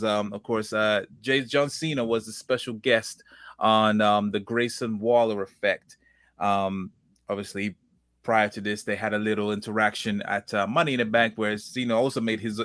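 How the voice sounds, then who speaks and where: In clean, dry studio sound, a man with a clear, resonant voice on the low side co-hosts a casual wrestling podcast. He rambles with lots of fillers and restarts, greets viewers in the comments, and reads their comments aloud.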